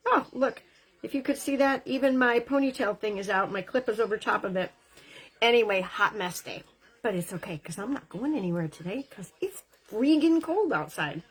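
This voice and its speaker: A woman's voice: medium pitch, slightly rough. Woman in her fifties, home makeup vlogger, chatty and effusive, talking to the camera mic. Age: 50s. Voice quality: gushing, chatty, quick asides. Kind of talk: casual makeup tutorial chat. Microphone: camera mic, lapel not worn.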